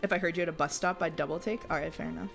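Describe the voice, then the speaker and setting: A woman's voice: lowish voice, steady tone, rapid-fire, vocal fry. A woman streaming a life-sim game, chatting casually, reading chat messages aloud and often trailing off and restarting her sentences. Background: faint game music.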